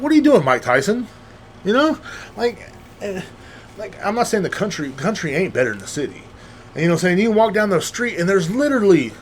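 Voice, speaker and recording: A young man hosting his own podcast after a few drinks, rambling and swearing freely as he loses his thread. His pitch jumps around in a lively, expressive way. A faint hiss sits under the voice. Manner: profane, rambling, with frequent fillers and restarts. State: drunk. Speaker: podcast host. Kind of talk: casual rambling monologue.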